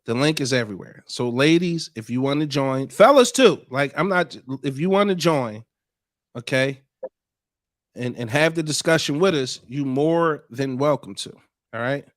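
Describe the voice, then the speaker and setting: A man hosting a podcast, talking in an animated, emphatic way and repeating points for effect. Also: medium pitch, normal speed, no room sound, clean studio sound. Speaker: podcast host. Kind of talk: podcast commentary.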